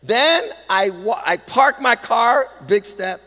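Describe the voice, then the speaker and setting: Preaching a sermon as pastor, a man with an extremely high-pitched voice speaks slowly into a stage microphone in a large church hall. His delivery is animated, with a sing-song emphasis and self-deprecating humor.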